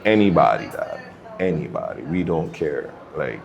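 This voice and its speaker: A very low-pitched man with a Virgin Islands accent tells stories in a relaxed interview. He talks in an easy, unhurried way and keeps tagging his lines with quick check-ins to the listener. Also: creaky, lo-fi sound. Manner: laid-back, tags lines with "you check?", laughs often. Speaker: DJ and music producer. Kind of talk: casual interview storytelling.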